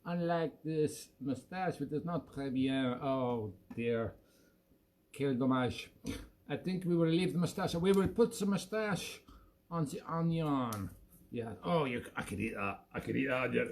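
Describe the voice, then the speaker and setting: A man's voice: medium pitch, animated, unhurried. A man hosting a live music stream while putting on a tipsy, pompous Frenchman with a put-on French accent, rambling and self-mocking. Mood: theatrical. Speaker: musician host.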